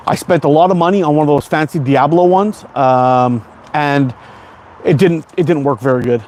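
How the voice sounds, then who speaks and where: A man in his forties from Canada talks loosely and cheerfully, hosting a casual livestream and answering viewer comments one after another. His voice sits a bit high for a man, and he rambles and restarts as he goes. A faint hum of noise runs under the talk. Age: 40s. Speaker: livestream host.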